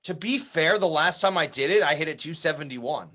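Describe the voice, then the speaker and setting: A man's voice: on the high side, expressive, brisk, a bit bright. A man co-hosting a golf podcast in casual chat, joking with dry understatement. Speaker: podcast co-host.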